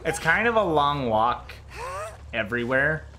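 Excitable trash-talking gamer man. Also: on the high side, a little slow, slight background noise. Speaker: gaming video creator. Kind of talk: live gameplay commentary.

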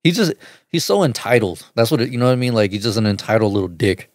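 A man's voice: mid-range voice, animated, fast, no echo, studio quality. A man co-hosting a casual comedy podcast, who laughs often and slips into mocking put-on voices. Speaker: podcast co-host.

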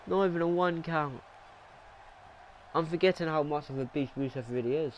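Excitable male play-by-play gamer. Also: moderate pace, long pauses, slight background noise. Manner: jumps from low mutters to yelled excitement at big moves. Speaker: YouTube gamer narrating his wrestling video game league.

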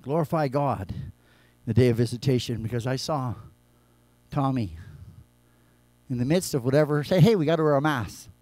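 A male pastor preaching a sermon, moving between quiet low scripture reading and loud, raised exhortation. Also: moderate pace, long pauses, dry recording. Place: church.

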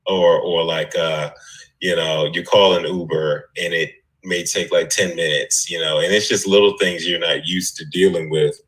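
A man from the United States talks on a panel. His voice sits very low but sounds bright and forceful. He tells stories in an easy, relaxed way. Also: moderate pace, low-quality recording. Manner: relaxed, laughs while telling stories. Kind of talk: casual panel discussion.

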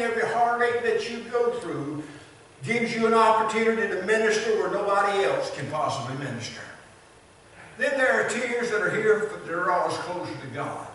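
An older man with a Southern American accent preaching a sermon as pastor, in a rhythmic style with repeated phrases, swinging between loud and soft. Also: sits high, slight background noise. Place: large church sanctuary. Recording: very echoey church hall from a distance.

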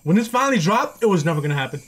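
A man hosting a music video reaction, excitable and swearing freely, talking to himself and squealing when thrilled. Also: high voice, racing, breathy edge. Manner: talks to himself aloud. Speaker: reaction channel host. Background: faint music video playing.

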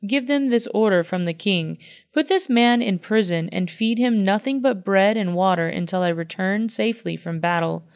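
A woman's voice: medium pitch, moderate pace, lightly acted. Woman reading as King Ahab, a resentful king.

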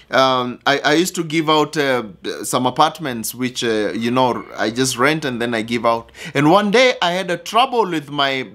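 Male preacher, high-pitched, earnest and repetitive sermon delivery. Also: bright, forceful tone.

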